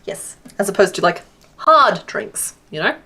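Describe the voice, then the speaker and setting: An Australian woman talks casually through a live stream as she crochets. She reads out comments from her chat and answers them in an easy, chatty way, laughing often. Her voice sits at a middle pitch. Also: sing-song, measured pace, sharp tone, slightly rough.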